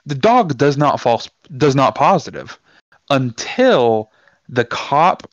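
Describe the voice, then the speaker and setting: A man co-hosting a casual podcast, telling animated stories and acting out the back-and-forth of the people in them. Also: mid-range voice, takes it slowly, no echo. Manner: animated storyteller, acts out quoted exchanges. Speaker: podcast co-host. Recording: dull lo-fi sound, dry.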